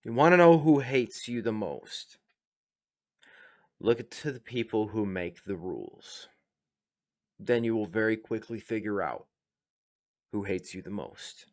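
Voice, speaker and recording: A man's voice: lowish voice, lively intonation, measured pace, pauses often. A man hosting a reaction video, talking bluntly and with lots of profanity in casual commentary.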